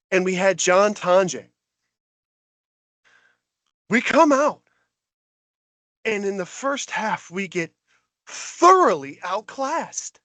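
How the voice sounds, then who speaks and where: Brief: male podcast co-host, high voice, dry close sound, fired-up exasperated ranting. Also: pushed and bright, no room sound. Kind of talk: heated sports rant.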